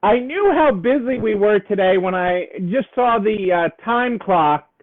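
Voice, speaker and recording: A man's voice: sits high, lively intonation, a little slow. A man hosting a casual live stream for store owners, upbeat and cheerleading, repeating his phrases and playing up a southern twang. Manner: playfully putting on a southern twang. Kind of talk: casual live stream chat greeting viewers. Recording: tinny phone-like sound.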